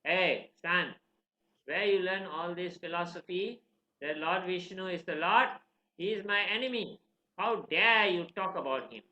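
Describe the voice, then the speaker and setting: A man voicing a furious, arrogant king who is the boy's father, in a loud, demanding storytelling voice. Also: high-pitched, fairly even intonation, unhurried. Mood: angry. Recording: roomy, slightly dull recording.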